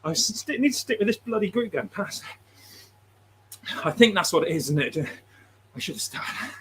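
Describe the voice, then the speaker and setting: A man's voice: high voice, expressive, normal speed, a bit bright, slight background noise. A man hosting a livestream, chatting casually, laughing often and reading out viewer messages. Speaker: livestream host.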